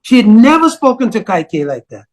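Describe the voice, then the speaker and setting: High-voiced man telling a sacred story. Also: a little fast, low-quality recording. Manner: lively, engages listeners with questions. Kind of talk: devotional storytelling to an audience.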